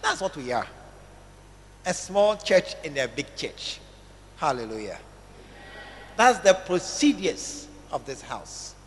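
High, bright-voiced pastor preaching. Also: male voice. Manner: emphatic, repeats phrases, calls for "amen" and "tell somebody". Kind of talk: sermon. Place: large church hall. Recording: long church-hall reverb.

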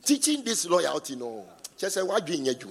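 A middle-aged man preaching a sermon and reading scripture, emphatic, swinging from soft asides to shouts, prompting the congregation to answer. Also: on the high side, huge pitch swings, normal speed, creaky. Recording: long reverb in a large hall.

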